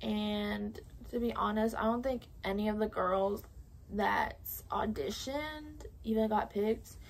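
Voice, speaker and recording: A woman's voice: medium pitch, slow, creaky. A woman in her late teens from California telling a casual, profane storytime, full of fillers and whispered asides. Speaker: vlogger. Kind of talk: storytime vlog.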